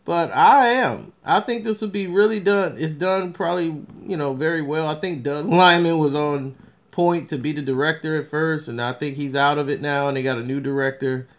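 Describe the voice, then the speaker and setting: A man's voice: a little high, normal speed. Rambling man giving movie commentary. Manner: rambling, loose talk with many restarts and fillers. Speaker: movie review vlogger.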